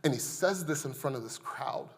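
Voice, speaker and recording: A male pastor preaching a sermon in a casual, conversational way, swinging between loud, emphatic passages and quiet, hushed asides. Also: mid-range voice, expressive, moderate pace, creaky.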